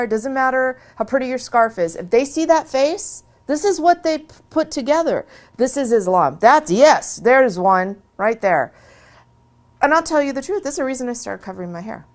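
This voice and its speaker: A woman's voice: high-pitched, animated, moderate pace. A woman who converted to Islam tells her story in a casual interview, earnest and emphatic, often repeating a phrase for stress.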